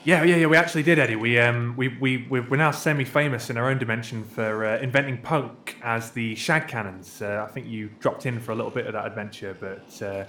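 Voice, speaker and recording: A man's voice: medium pitch, a little fast, few pauses, bright, forceful tone, a little hiss or hum, natural voice. A man voicing an earnest young musician who is held captive and talks in a hesitant, apologetic way. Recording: echoey room.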